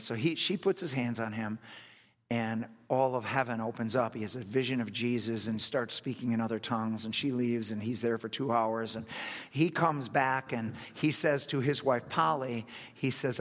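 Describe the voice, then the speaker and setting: A man preaching a sermon, telling stories and acting out quotes, animated, laughing at himself. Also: medium pitch, normal speed. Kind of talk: sermon storytelling. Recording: long hall reverb.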